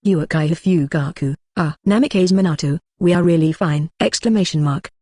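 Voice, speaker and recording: A text-to-speech audiobook narrator reading a web novel, speaking punctuation marks like "exclamation mark" aloud in an even delivery. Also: mid-range voice, moderate pace, no echo.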